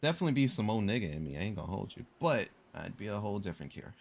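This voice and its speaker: A man's voice: fairly low pitch, sing-song, racing, gravelly. A young man chatting casually on a live stream, rambling and correcting himself as he tells a story in slangy talk.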